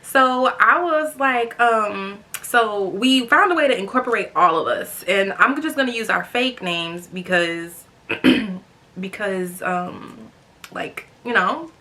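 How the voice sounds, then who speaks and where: Animated young woman with a bright voice. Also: medium pitch, slow pace. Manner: animated, acts out other people's voices; chatty, talks straight to viewers. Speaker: vlogger host. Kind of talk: storytime vlog.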